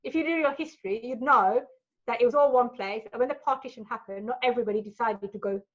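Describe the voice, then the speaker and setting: Forties woman guest telling it straight, voice a bit high, kinda muffled lo-fi audio. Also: fast. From family from Gujarat, India. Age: 40s. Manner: blunt, animated storyteller, acts out quotes. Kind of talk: candid casual interview. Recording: dull lo-fi recording.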